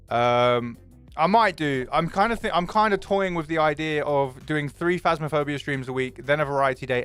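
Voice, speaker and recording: A man's voice: medium pitch, a bit bright, clean tone. A young man, chatting casually and jokingly with his stream viewers, swearing freely. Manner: chatty, jokey, quick to swear.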